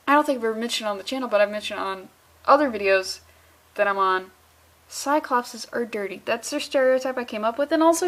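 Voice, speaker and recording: A young woman riffs through a comic with sarcastic, rambling asides and the odd curse. Her voice sits a bit high and sounds bright and clear. It is casual, joking commentary. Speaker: comic book reviewer.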